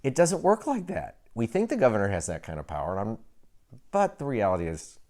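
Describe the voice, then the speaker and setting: A man, a physician, giving a casual update to camera, frustrated and animated, with frequent chuckles. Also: medium pitch, fairly quick.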